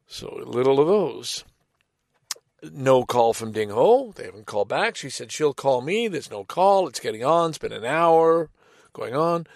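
A middle-aged man telling a casual personal anecdote in a rambling, halting way, with sighs and restarts. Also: a little high, vocal fry, no echo, clean studio sound. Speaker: storyteller.

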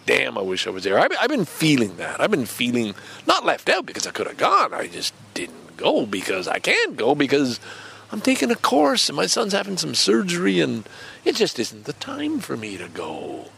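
A man's voice: mid-range voice, wildly swooping pitch, moderate pace, gravelly, bright, forceful tone, a little hiss or hum. A middle-aged man hosting a podcast from a park bench, chatting in a rambling way and acting out both sides of an imagined conversation. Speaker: podcast host. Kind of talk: casual rambling monologue.

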